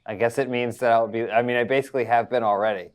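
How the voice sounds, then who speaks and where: A man improvising his character in a comedy tabletop role-play, with dry, deadpan jokes. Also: medium pitch, fast. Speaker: player.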